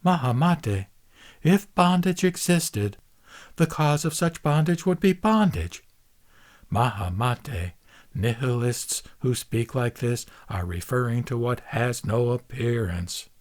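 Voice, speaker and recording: A man reading a Buddhist scripture aloud in a measured, solemn recitation. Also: medium pitch, animated. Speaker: reader.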